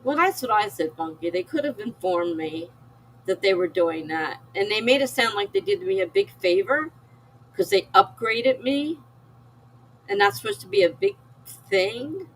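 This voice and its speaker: A woman's voice: medium pitch, very animated, a little hiss or hum, poor audio. A tired woman chatting casually with her live-stream viewers, weary and given to laughing. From United States. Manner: slow, weary, laughs often. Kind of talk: casual chat with chat readers.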